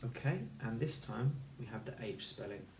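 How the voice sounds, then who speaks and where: A man teaching a recorded phonics lesson for children, speaking slowly and clearly and sounding out each letter and word. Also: lowish voice, expressive, a little mellow, slight background noise. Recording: echoey room, voice a little far from the mic.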